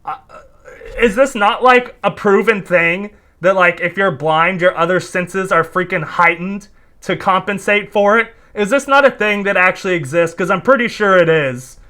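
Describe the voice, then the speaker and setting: A young man with a high voice delivers heated reaction commentary. He rants in disbelief, swears freely and keeps tagging "dude" onto his lines. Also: moderate pace, sharp tone. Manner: exasperated, ranting, swearing, repeats "dude". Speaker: commentary YouTuber reacting to clips.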